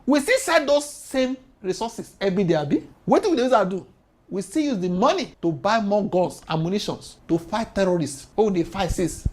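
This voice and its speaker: Husky Nigerian woman firing rhetorical questions. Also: mid-range voice, expressive, moderate pace, a little mellow. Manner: rhetorical questions, mixes pidgin, emphatic. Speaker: political commentator. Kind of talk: impassioned commentary.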